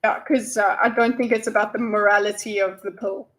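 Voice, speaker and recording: A woman's voice: medium pitch, steady tone, brisk, a bit bright, low-quality recording. A woman with a South African accent, commenting on a debate during a live stream in a rambling, playful way with giggly asides.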